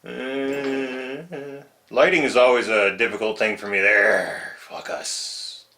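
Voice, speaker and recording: A man's voice: medium pitch, steady tone, takes it slowly, pushed and bright, echoey room. A man hosting a casual hobby repair vlog, chatty and self-mocking, chuckling at his own mistakes while he works. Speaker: RC truck hobbyist channel host. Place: home shed workshop.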